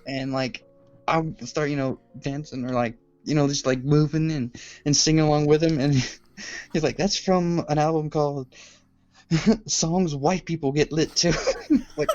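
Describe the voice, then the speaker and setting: A woman's voice: deep voice, a little slow, darkish tone, highs cut off. A woman, a podcast guest, telling stories about her boyfriend in a chatty, giggly way. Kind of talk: casual podcast chat.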